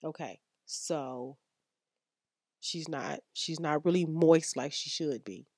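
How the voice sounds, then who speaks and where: A woman's voice: deep voice, slow, a little mellow, no echo, studio quality. A woman hosting a frank sex-advice podcast, blunt and slangy as she lectures her listeners. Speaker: podcast host.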